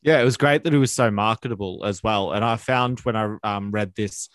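Male podcast co-host, low pitch, dry sound, relaxed and hesitant. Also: a little fast, no echo. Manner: relaxed, hesitant, with ums and likes. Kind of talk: casual history podcast chat.

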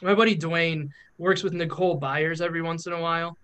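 A man's voice: on the high side, fairly even intonation, brisk, a bit bright, clear, resonant tone. A man hosting a podcast in casual chat, rambling through stories with lots of filler words. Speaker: podcast host.

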